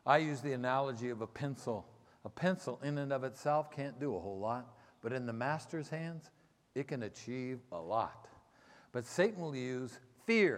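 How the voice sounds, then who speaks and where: A man preaching a sermon as a pastor, telling the story with lively acted-out voices and checking in with the congregation. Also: mid-range voice, normal speed. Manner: animated storytelling, acts out quoted voices, checks in with "okay?". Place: church sanctuary. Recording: long hall reverb.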